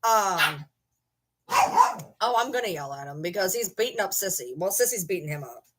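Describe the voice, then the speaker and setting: A woman's voice: on the low side, animated, moderate pace, very noisy. A woman vlogging casually from home, rambling and swearing offhandedly while talking to her dogs. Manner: rambling, swears casually, talks to her dog mid-sentence. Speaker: channel host. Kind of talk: casual vlog chat.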